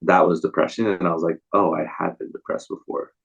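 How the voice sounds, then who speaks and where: A young man as a podcast guest, telling his story in a soft, halting way with many restarts. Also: low-pitched, flat delivery, gravelly, slightly rough, dull audio. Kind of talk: casual interview storytelling.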